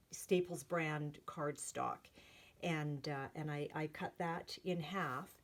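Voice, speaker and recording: An older woman hosting a card-making channel, talking through a craft tutorial in a gentle, earnest way with many pauses and fillers. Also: on the low side, a little hiss or hum.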